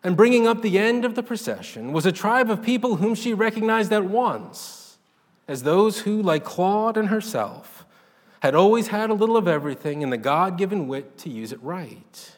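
A man's voice: sits high, normal speed. Man reading a story with long reverb. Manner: dramatic, animated delivery. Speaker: narrator.

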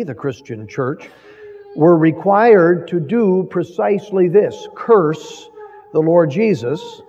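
A man preaching an expository sermon, reading scripture in a measured, emphatic way. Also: on the high side, dark tone. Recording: lo-fi, long reverb from a hall.

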